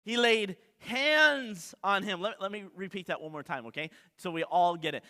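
A man's voice: high voice, animated, normal speed, few pauses, pushed and bright. A male pastor preaching a sermon with emphasis, repeating key lines and asking the congregation questions. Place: church sanctuary. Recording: long reverb of a large hall.

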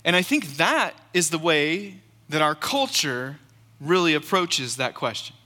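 A man preaching in a church sanctuary with a slightly high, sharply bright and forceful voice. He is earnest and emphatic, leaning on repeated phrases, and his words ring out with the long reverb of a large hall. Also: lively intonation, a little slow. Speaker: pastor. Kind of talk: sermon.

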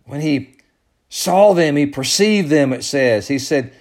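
A man preaching a sermon as pastor, building to loud, emphatic peaks and then dropping low and soft. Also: very animated, moderate pace.

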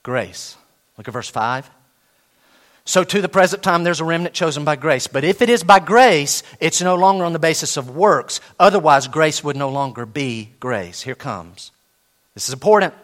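A man preaching a sermon, animated, with sudden soft drops and slow, emphatic repetition of key phrases. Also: a little high. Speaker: pastor.

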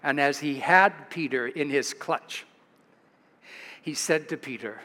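American male pastor, high-pitched, animated storytelling sermon, church reverb. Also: slow pace, pauses often, a little hiss or hum. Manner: animated, chuckling storyteller, rises in pitch for dramatic moments. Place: church sanctuary.

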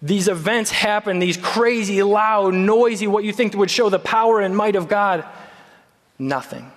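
A man's voice: sits high, a little slow, long reverb tail. A man preaching a sermon as pastor, in a conversational storytelling manner.

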